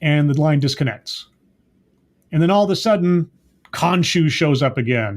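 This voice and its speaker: A man casually recapping a TV episode in a chatty, rambling way, often stopping to correct himself with quick asides. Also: fairly high pitch, lively intonation. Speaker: TV episode reviewer.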